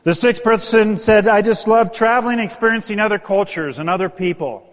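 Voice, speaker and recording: A man's voice: high-pitched, brisk, big-room sound. A middle-aged man giving an emotional motivational speech, telling stories with earnest intensity. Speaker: motivational speaker.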